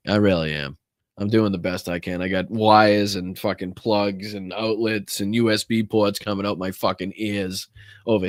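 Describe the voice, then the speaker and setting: A political podcast host from Massachusetts, USA, speaks in a lowish voice on a casual livestream, captured in a dry, clean studio recording. He rambles, swears and jokes about his tech troubles.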